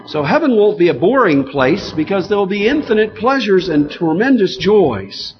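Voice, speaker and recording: A man's voice: high voice, very animated, moderate pace, hardly any pauses, soft background music. A man preaching a sermon in an earnest, emphatic, conversational way, with many fillers. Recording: dull lo-fi sound with faint noise.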